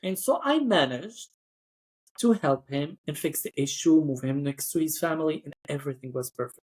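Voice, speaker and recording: A man's voice: on the high side, lively intonation, normal speed, darkish tone, slightly rough. A man who works as cabin crew, telling a story in a chatty podcast style, full of "like" and acted-out voices. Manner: chatty, acts out quoted voices, frequent "like".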